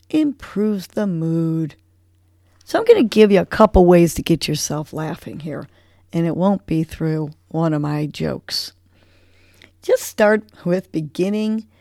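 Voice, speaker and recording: A woman's voice: on the low side, creaky, darkish tone, no room sound, studio quality. A woman hosting a podcast, guiding listeners through a breathing exercise in a soothing, encouraging way. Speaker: podcast host and breathing coach.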